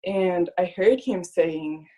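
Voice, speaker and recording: A woman's voice: on the low side, takes it slowly, dark tone. A young woman sharing a personal faith story as a guest, speaking earnestly, leaning on "like" a lot and voicing her own past thoughts as quoted lines. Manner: earnest, fills speech with "like". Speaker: guest, illustrator. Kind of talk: personal faith testimony in conversation.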